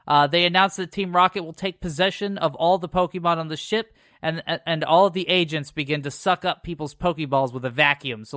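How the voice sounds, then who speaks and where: A man's voice: fairly high pitch, fairly bright tone, clean tone, no room sound, clean studio sound. A man co-hosting a podcast, reading an episode summary in a casual way and dropping sarcastic asides. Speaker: podcast co-host recapping episodes.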